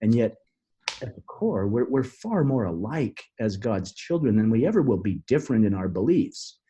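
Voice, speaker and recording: Middle-aged male guest, mellow voice; earnest storyteller who stumbles and restarts. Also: lowish voice, very animated, muffled recording, slight background noise. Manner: earnest, halting with many restarts. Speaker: podcast guest. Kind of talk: storytelling in an interview.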